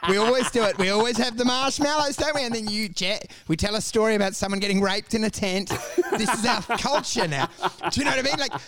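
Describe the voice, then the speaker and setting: An Australian man with a high voice riffs in casual comedic chat. He swears freely and laughs through his jokes. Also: quick pace, fairly bright tone.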